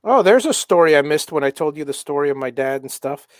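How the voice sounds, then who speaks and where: A middle-aged man hosting a relaxed live chat while soldering, telling rambling stories with many restarts. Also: a little high, fast talker, no room sound, clean studio sound. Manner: rambling, self-interrupting storyteller. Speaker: livestream host.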